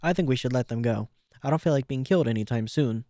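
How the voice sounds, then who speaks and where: A man's voice: mid-range voice, expressive, rapid-fire, creaky, darkish tone, dry recording, studio quality. A man voicing a timid, easily scared male griffin soldier who whimpers and stammers. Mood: fearful.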